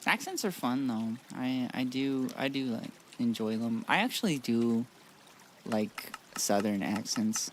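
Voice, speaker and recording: A man's voice: mid-range voice, animated, measured pace, slight background noise. Rambling, blunt male game streamer. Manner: rambling, blunt, with frequent restarts and swearing. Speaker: streamer playing a modded game. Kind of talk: casual live-stream chat.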